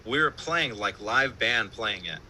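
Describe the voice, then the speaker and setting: A man's voice: on the low side, animated, unhurried, sharp tone, a little hiss or hum, rough recording. A man, a band musician, telling stories in a casual interview over a live-stream call, loose and profane, full of fillers and laughter. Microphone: remote live-stream call.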